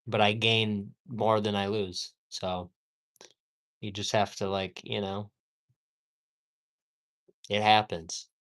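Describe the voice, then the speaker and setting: A man's voice: fairly low pitch, level tone, takes it slowly, long pauses, a bit bright. A man ranting heatedly and profanely at home during a casual livestream, rambling and repeating himself for emphasis. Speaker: live streamer.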